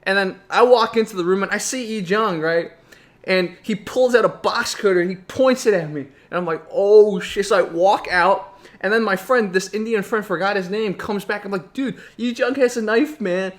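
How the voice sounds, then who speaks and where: Young man, fairly high voice, reflective personal storytelling, loose and rambling with many restarts. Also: moderate pace, fairly bright tone. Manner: rambling, with frequent restarts and asides. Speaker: vlogger.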